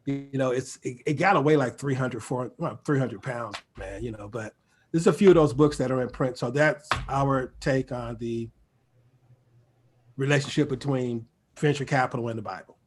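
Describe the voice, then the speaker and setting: A man co-hosting a church talk program, chatting in a relaxed, casual way and leaning on fillers like "man" and "you know". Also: medium pitch, moderate pace, breathy edge. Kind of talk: casual chat.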